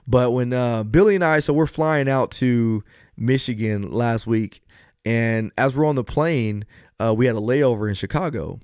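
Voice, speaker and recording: Smooth-voiced man hosting a solo podcast. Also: medium pitch, normal speed, a little mellow, no room sound, studio quality. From US West Coast. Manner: earnest, faith-based encouragement turning to joking storytelling. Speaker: podcast host.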